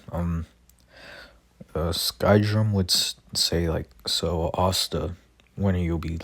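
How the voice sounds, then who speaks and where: A man's voice: deep voice, gravelly, slightly rough. A young man casually retelling his own fan story, rambling with many fillers and restarts. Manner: reads character lines quietly without voices.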